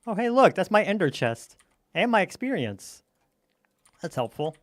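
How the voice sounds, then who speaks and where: A man's voice: sits high, sing-song, moderate pace, dry recording. A man chatting casually while gaming, telling a silly campfire story in a playful, teasing way.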